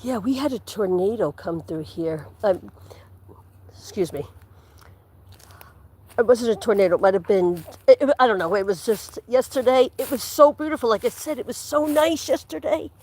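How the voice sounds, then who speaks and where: A woman's voice: fairly high pitch, normal speed, a little mellow, slightly rough. A woman hosting a livestream, chatting casually and rambling as she walks through the woods. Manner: chatty, rambling, laughs often, drops to a whisper at times. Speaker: livestream host. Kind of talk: casual chat while walking outdoors. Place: walking through woods outdoors.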